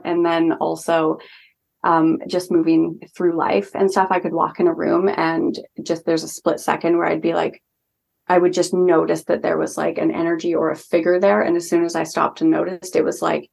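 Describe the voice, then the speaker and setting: A young woman with a lowish, gravelly voice recounts a personal experience in a casual podcast conversation. She talks in an earnest, chatty way, full of "like" fillers. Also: a little mellow. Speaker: guest, holistic healing practitioner. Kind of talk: casual storytelling in a podcast interview.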